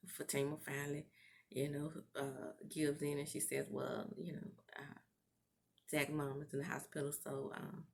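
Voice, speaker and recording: A woman recapping a TV episode in a casual vlog, laughing and acting out the characters' lines as she retells the scenes. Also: low voice. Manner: animated, laughing, acts out quotes in character. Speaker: TV recap vlogger.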